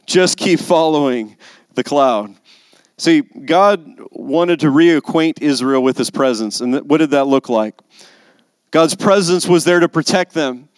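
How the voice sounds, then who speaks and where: A man's voice: a little high, no echo. A man preaching a sermon as pastor, building to emphatic, intense passages. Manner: rising to emphatic intensity on key lines.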